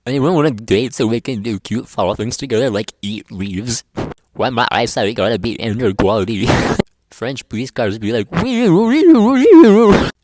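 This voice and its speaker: A man's voice: fairly low pitch, normal speed. A man reading funny tweets aloud in a dry, matter-of-fact way.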